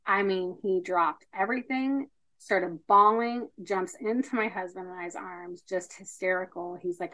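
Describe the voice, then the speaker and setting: A woman's voice: mid-range voice, fairly even intonation, moderate pace, few pauses, fairly bright tone, poor audio. A woman in her thirties telling her family story in a casual podcast interview, earnest and full of fillers. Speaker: podcast guest.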